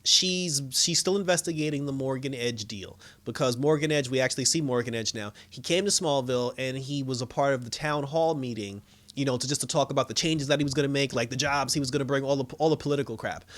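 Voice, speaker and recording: A man casually recapping a TV episode, animated and swearing, acting out the characters' lines with laughs. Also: medium pitch, fast. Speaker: show reviewer.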